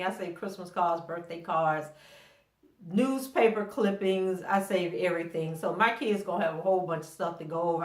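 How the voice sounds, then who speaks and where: A woman's voice: lowish voice, fairly bright tone, echoey room. A middle-aged woman hosting a casual TV episode recap. She is chatty, laughs often, and acts out quotes from the characters. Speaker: TV recap host.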